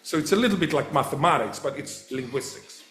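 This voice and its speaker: A man giving a public lecture as a professor, animated and quick to act out the voices he quotes. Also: a little high, soft background music. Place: event hall. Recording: echoey hall.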